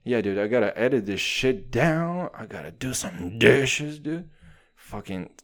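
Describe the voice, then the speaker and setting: A man's voice: mid-range voice, lively intonation, unhurried. A man in his twenties hosting his own podcast, rambling and swearing casually, saying "dude" after nearly every phrase. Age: 20s. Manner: profane, rambling, says "dude" constantly. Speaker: podcast host.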